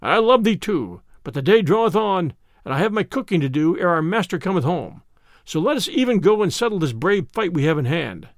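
A man's voice: high-pitched, big pitch swings, brisk, no room sound, studio quality. A man doing a merry, friendly cook. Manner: archaic phrasing, affectionate. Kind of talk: storybook character voice.

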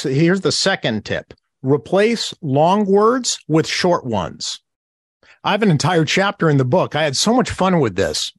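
A man's voice: fairly high pitch, no room sound. A man who is an author, giving a podcast interview and explaining his points with emphasis, acting out the phrases he quotes.

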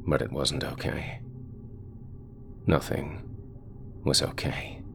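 Deep gravelly guy telling a creepy horror story, slow and brooding. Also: steady tone, music in the background. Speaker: narrator. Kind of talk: scripted horror narration.

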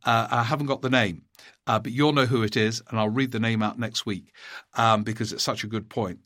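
A male podcast host with a mid-range voice talks through political questions and reads out listener emails. His delivery is measured and deliberate, with frequent small pauses as he gathers his thoughts. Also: medium pitch, steady tone, a bit bright.

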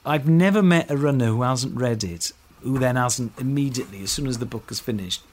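A man's voice: medium pitch, fairly quick, slight background noise. A man co-hosting a podcast, telling stories in a casual, enthusiastic way and laughing often. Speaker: podcast co-host. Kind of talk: casual chat.

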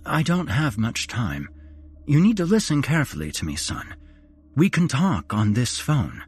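A man's voice: medium pitch, wildly swooping pitch, unhurried, husky, voice pushed up, heavily acted. A man voicing a grieving dead mother who calls her son from beyond the grave, sad and urgent, in a horror story reading.

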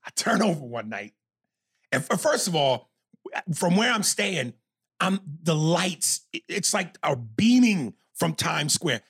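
Swearing without restraint and doing voices for the people in his story, a New York podcast co-host spins a long, lively, casual tale. His voice is gravelly, husky, and a bit rough, fairly high-pitched and unhurried, captured in a dry recording.

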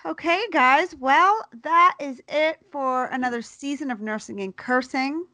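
A woman's voice: high-pitched, measured pace, pushed and bright. A woman hosting a podcast, upbeat as she wraps up the episode in casual chat. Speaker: podcast host.

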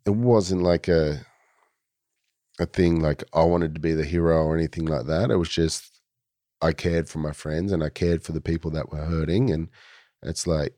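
Laid-back low Australian man. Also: fairly even intonation, normal speed, dark tone, dry recording, clean studio sound. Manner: laid-back, rambling with many fillers. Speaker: guest. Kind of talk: casual storytelling.

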